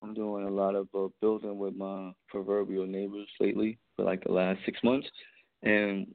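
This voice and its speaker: A man's voice: on the low side, little pitch movement, normal speed, vocal fry, noisy background. A man calling in to a casual radio show, talking in a rambling, reflective way with hesitations. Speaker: guest caller. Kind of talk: casual talk radio chat. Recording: tinny phone line.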